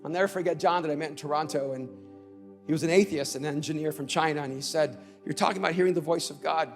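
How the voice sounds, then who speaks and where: Man, pastor, high voice, conference sermon, storytelling to shouting, soft music underneath. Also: fast, gravelly, in a large hall. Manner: builds from conversational storytelling to shouted crescendos.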